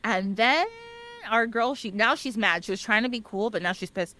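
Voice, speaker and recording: A woman podcast host retelling a legend in a casual, animated way, often laughing and talking straight to listeners. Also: mid-range voice, moderate pace. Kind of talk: casual storytelling.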